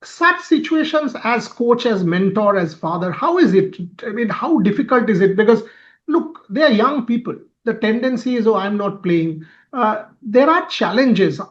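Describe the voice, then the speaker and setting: High-voiced interviewer, slightly dull sound. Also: male voice, lively intonation, normal speed. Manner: long, wordy questions. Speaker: sports interviewer. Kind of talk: interview questions.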